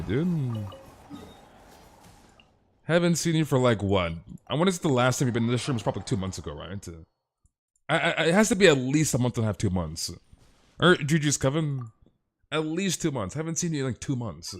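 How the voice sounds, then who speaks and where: A man casually chatting with viewers on a live game stream, emphatic and ranting, stammering through quick restarts and tossing in "dude". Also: mid-range voice, very animated. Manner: emphatic, ranting, peppered with "dude" and mild swearing. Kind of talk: casual live-stream chat while gaming.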